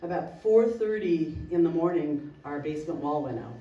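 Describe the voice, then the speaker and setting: A woman's voice: sits low, expressive, moderate pace, warm tone, muffled recording. A woman, a local resident, telling an emotional personal story at a community meeting, acting out the dialogue vividly. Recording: roomy hall, distant mic, faint noise.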